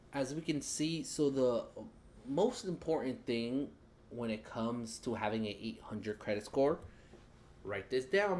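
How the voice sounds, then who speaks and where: A man giving a casual live-stream lesson on credit, chatting loosely and talking while he fumbles with his screen. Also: medium pitch.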